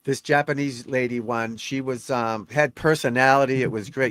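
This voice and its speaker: A man's voice: mid-range voice, steady tone, normal speed, fairly bright tone, no room sound. Rambling man chatting on a dry live stream. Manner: rambling, talkative, reads off scores. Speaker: golf instructor streaming live. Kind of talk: live-stream commentary and chat with viewers.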